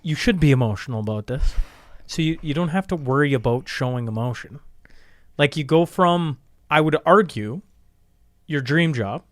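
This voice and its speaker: A man's voice: a little high, lively intonation, moderate pace, no echo, clean studio sound. A man hosting a podcast, earnest and supportive, often stumbling over restarts. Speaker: podcast host. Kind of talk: interview conversation. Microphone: studio microphone.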